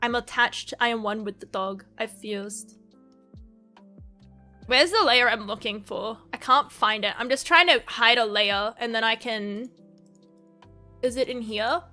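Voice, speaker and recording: A high-voiced woman rambles through a casual stream chat, crude and profane and quick to laugh. Her tone is bright and sharp. Soft music plays underneath. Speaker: VTuber streamer.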